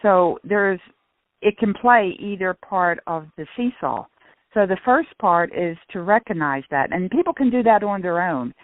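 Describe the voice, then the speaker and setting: A middle-aged woman talks earnestly on the radio, slowing down to stress her points and restarting as she thinks. Her voice comes through a thin, phone-like band with no room echo. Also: fairly low pitch, lively intonation. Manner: earnest, with restarts and slow emphasis. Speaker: guest speaker on shame and guilt. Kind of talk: casual radio talk. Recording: tinny phone-like radio sound.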